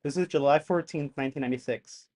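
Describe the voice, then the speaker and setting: A young man hosting a live stream, reacting to videos with animated exclamations and jokes in casual commentary. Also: on the high side, quick pace, a little hiss or hum.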